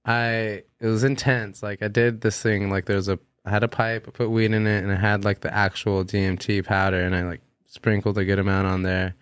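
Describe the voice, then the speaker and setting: A young man with a low, smooth voice, recorded dry and close. He tells a long story in a loose, rambling way, full of fillers and cursing. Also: little pitch movement, brisk, few pauses, no echo. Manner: rambling, heavy on fillers and swearing. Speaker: musician guest. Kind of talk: casual storytelling.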